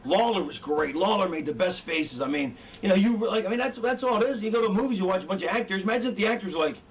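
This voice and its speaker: Quick and lively in intonation, the same kind of high-pitched voice belongs to a middle-aged man coaching wrestling. His lesson is loose, profane and rambling, with frequent lost threads, recorded from a distance over faint background noise.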